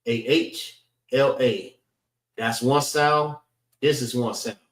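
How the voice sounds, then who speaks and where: A man teaching a class, slowly sounding out letters and checking in with the group as he goes. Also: mid-range voice, recorded from a distance. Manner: slow and deliberate, sounding out letters, frequent "all right" checks. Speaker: class instructor. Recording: roomy echo.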